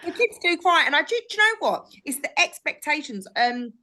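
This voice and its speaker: A woman's voice: high-pitched, big pitch swings, fairly quick, sharp tone. A woman, chatting casually as a podcast guest and telling stories animatedly. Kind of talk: casual chat.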